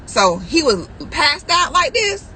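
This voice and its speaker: A woman vlogger with a bright, ringing voice that swoops up and down as she tells a story, acting out what people said. She talks straight to her viewers and laughs often. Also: sits high, sing-song, slow, slight background noise, poor audio. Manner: acts out quoted voices, laughs often, addresses viewers directly. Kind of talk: animated storytelling rant.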